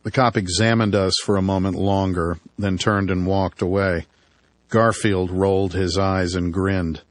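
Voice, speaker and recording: A man's voice: low-pitched, fairly even intonation, unhurried, no echo. A man reading an audiobook in first person, with a dry, wry storytelling manner. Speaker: audiobook narrator.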